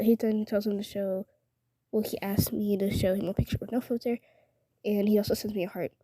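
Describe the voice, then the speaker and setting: A young woman recounts a story in a mellow voice, recorded close and dry. She sounds indignant and rambles with lots of filler words. She keeps slipping into a half-whisper. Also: mid-range voice, no echo. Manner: indignant, often drops to a whisper. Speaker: vlogger. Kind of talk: casual storytelling.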